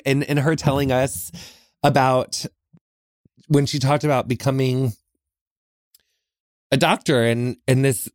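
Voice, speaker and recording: A man with a mid-range voice hosts a podcast alone, speaking from a small closet in an earnest, reflective manner and frequently using "like." The recording is clean studio sound with no echo.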